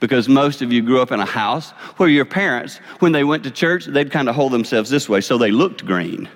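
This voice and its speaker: A man in his fifties with a South Carolina accent gives a folksy, animated sermon with an object lesson. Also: mid-range voice, brisk. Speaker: speaker. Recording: long reverb of a large hall.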